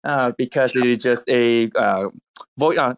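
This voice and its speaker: A man speaking halting non-native English as a guest in an online chat, with many restarts and fillers. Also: mid-range voice, smooth. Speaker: guest developer. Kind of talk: casual audio chat interview. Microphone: online audio chat room.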